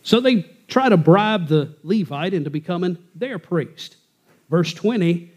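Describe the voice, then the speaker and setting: A man's voice: sits high, expressive, a little slow, darkish tone. Folksy male Bible teacher. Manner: conversational, folksy, reads scripture aloud.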